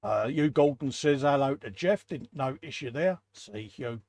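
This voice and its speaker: A man's voice: medium pitch, lively intonation, measured pace, darkish tone, no echo. A British man hosting a casual live stream, greeting viewers one by one in a chatty, matey way. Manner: chatty, greets viewers, calls everyone mate. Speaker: host.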